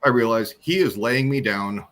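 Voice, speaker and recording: Bright-voiced man telling stories. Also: medium pitch, normal speed. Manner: animated, jokey, many restarts. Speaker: guest on hypnosis show. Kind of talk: casual storytelling.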